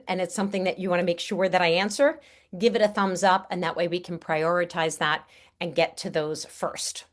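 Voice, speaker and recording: Upbeat woman coach on a video call, mid pitch, encouraging and chatty. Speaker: speaking coach running a workshop. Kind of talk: online workshop instruction.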